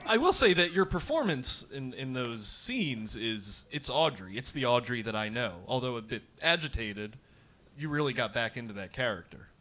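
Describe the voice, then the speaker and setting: A man moderating a Q&A, asking earnest, halting questions. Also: medium pitch, expressive, sharp tone. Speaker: interviewer. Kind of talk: audience Q&A moderating.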